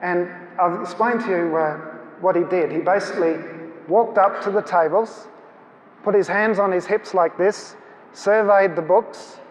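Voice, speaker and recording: High-voiced man telling a story. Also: a little slow. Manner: storytelling, acts out dialogue. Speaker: guest speaker. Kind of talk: anecdotal talk at a church seminar. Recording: echoey hall.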